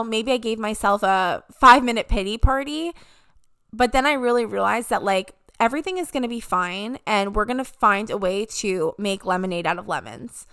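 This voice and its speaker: A woman's voice: mid-range voice, fairly bright tone, smooth. A young adult woman hosting a podcast, giving an upbeat motivational talk and mimicking voices when she quotes people. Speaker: podcast host. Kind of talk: casual motivational monologue.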